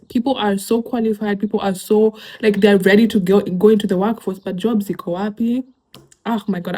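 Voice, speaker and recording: A young Kenyan woman with a Kenyan accent vlogging at a middle pitch, reading posts aloud and reacting in a loose, chatty way. She laughs easily and slips Swahili slang into her sentences. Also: darkish tone. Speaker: YouTuber. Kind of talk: casual commentary reading online posts.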